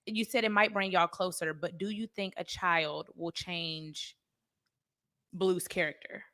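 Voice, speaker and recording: A woman's voice: lowish voice, fairly even intonation, unhurried, sharp tone. A woman hosting a podcast, interviewing a guest in an affirming way. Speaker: podcast host.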